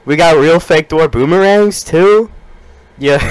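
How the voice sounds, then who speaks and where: A male streamer improvising a mock sales pitch, riffing quickly and laughing through it. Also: dry recording.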